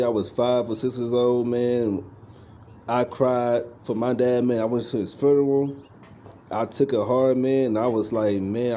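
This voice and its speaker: Dark-voiced man preaching to his viewers. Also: medium pitch, a little hiss or hum. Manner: addresses viewers directly, leans on "man" and "you know". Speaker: commentary video host. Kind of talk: casual preachy commentary.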